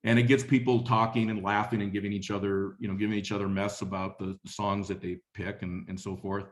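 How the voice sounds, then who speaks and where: A man's voice: fairly low pitch, little pitch movement, brisk. A middle-aged man giving a webinar talk on leadership, telling a story in a conversational way and often repeating phrases. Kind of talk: motivational talk with anecdote.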